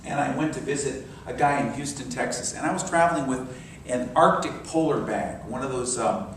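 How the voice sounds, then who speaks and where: A man's voice: mid-range voice, brisk, slight background noise. Older man preaching in an echoey hall. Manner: storytelling, dropping to soft meditative tones. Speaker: minister. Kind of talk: sermon. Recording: very echoey hall, mic far off.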